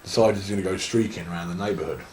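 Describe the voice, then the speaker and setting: This wrestler, a young man from England, has a very deep, darkish voice and talks very fast. In a casual interview he rambles through anecdotes, laughing and circling back to restart sentences, recorded in an echoey room with faint hiss underneath.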